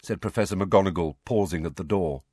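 A man's voice: low-pitched, brisk, slightly rough, no room sound. A man narrating a fantasy novel as an audiobook reader. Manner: lively storytelling, dry close reading. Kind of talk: scripted narration.

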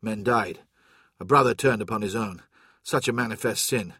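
A man's voice: on the low side, normal speed, sharp tone, slightly rough, no echo, studio quality. A man voicing a troubled, guilt-ridden young male soldier who speaks in a somber, subdued way.

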